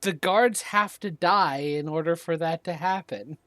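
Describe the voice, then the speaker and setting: A man running a tabletop game as game master, calling out turns and dice rolls in a low-key way. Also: unhurried, a bit bright, dry recording.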